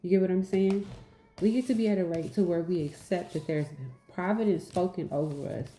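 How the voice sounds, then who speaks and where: Woman, deep and warm, casual spiritual teacher, emphatic and repetitive, a bit goofy, roomy echo. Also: brisk. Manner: repetitive, emphatic, asks "right?"; goofy and laughing at herself.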